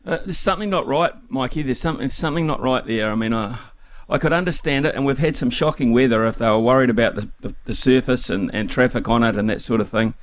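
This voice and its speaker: A man hosting sports talkback radio, chatty and casual with many pauses. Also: mid-range voice.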